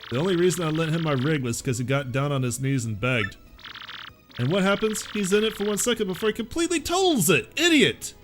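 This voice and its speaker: A man's voice: fairly high pitch, sing-song, fairly quick, music in the background. Man voicing a grumbling male beetle mechanic. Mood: annoyed. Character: gruff male buzzy beetle mechanic, grudging.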